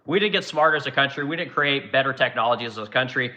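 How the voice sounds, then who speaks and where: A man's voice: medium pitch, fast talker, bright, forceful tone, highs cut off. A man from Oregon hosting his own channel, giving an exasperated, profane, sarcastic rant. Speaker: channel host. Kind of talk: profane ranting commentary.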